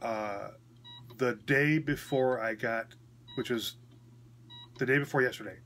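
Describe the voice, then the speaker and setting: A man's voice: mid-range voice, measured pace, fairly bright tone, slight background noise. A man recounting a story in a casual, frank and rambling way, often checking in with his listener, while recovering after a hospital stay. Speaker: vlogger.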